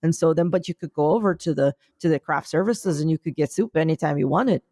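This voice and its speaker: A woman's voice: low-pitched, brisk, dark tone, no echo, clean studio sound. A woman podcast co-host with an occasional Philadelphia accent, telling rambling stories in casual chat. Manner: rambling storyteller, many restarts.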